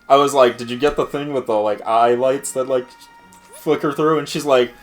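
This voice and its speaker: A man's voice: mid-range voice, steady tone, moderate pace, faint music behind. A young man chatting casually during a gameplay session, telling stories with frequent laughter and swearing. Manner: laughing, profane storyteller. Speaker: co-host of a gaming stream. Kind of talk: casual chat.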